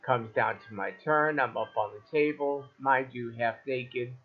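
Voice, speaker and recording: A man's voice: medium pitch, measured pace, slightly rough. Tinny-sounding man telling comic stories. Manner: wry, deadpan storytelling with acted-out quotes. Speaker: stand-up comedian. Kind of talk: stand-up storytelling. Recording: tinny phone-like live video with faint music.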